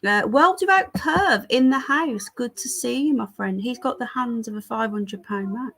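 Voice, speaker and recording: A woman's voice: a little high, normal speed, gravelly, a bit bright. A woman from the United Kingdom is hosting a casual live stream from her home. She talks straight to her viewers in a chatty way and reads their comments aloud as they come in. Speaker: livestream host. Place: home with a child nearby.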